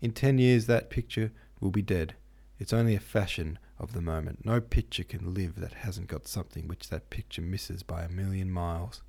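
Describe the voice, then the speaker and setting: A man's voice: deep voice, moderate pace, gravelly, few pauses, mellow. A man doing an opinionated young art student. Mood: argumentative. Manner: assertive, emphatic.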